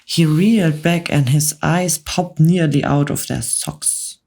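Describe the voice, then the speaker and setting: Brief: soft-spoken female storyteller, unhurried whispered role-play for bedtime. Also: low-pitched, vocal fry.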